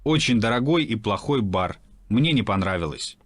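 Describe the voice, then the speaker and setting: A man reading a scripted textbook dialogue with clear, careful enunciation. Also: fairly low pitch, lively intonation, normal speed, dry recording, clean studio sound. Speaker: dialogue speaker in lesson audio.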